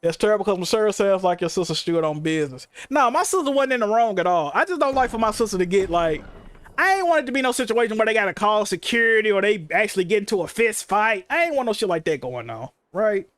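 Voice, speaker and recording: This is a man with a high voice for a man, talking on a casual game livestream. He tells animated stories, swearing freely and peppering them with slang. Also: fast, no room sound. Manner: profane, animated storytelling, heavy slang. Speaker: game streamer.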